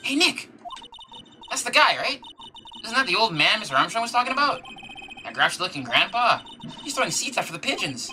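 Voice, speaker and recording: A woman voicing an excitable young female sidekick who talks brightly in exclamations. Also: mid-range voice, brisk, long pauses, slight background noise, voice pushed up. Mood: excited.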